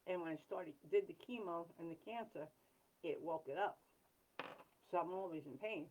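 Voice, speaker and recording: A woman hosting a live chat, talking in an earnest, rambling way with frequent pauses and apologies. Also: fairly low pitch, a little mellow, a little hiss or hum, low-quality recording. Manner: blunt and self-deprecating. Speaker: livestream host.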